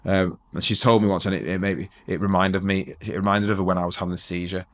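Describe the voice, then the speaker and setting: Fast-talking deep-voiced man telling his story. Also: level tone. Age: middle-aged. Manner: rambling, self-interrupting, joking. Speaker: guest. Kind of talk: storytelling interview.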